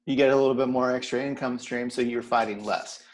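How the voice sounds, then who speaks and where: A man on a sports debate panel, making a calm, agreeable point. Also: medium pitch, brisk.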